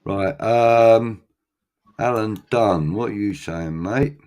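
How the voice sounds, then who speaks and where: A man's voice: lowish voice, takes it slowly, darkish tone. A man hosting a casual fan chat show, reading out viewer comments and talking things through with frequent ums. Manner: chatty, hesitant with many ums.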